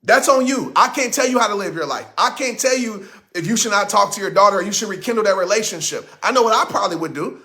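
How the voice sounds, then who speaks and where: A man delivers a motivational speech in a high, forceful voice, leaning into each line like a sermon. He hammers his points home and repeats them for effect, speaking close into a studio microphone. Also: lively intonation, quick pace, few pauses. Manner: emphatic, preachy, repeats lines for effect.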